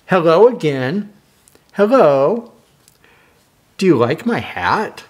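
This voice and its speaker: An older man reading a children's picture book aloud, slow and lively, stopping to ask young listeners questions. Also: on the high side, slightly rough.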